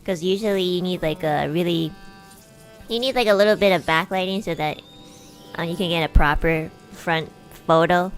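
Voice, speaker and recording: A woman's voice: on the low side, moderate pace, soft background music. Chatty young woman telling a story. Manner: chatty, animated, acts out quoted lines in a raised voice. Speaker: streamer. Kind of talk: casual storytelling.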